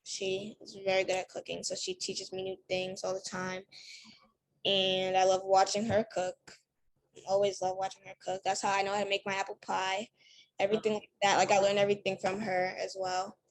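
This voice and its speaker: A woman's voice: medium pitch, level tone, normal speed. A teenage girl answering interview questions casually, talking in a chatty way with lots of "like" and "you know". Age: teens. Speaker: interview guest.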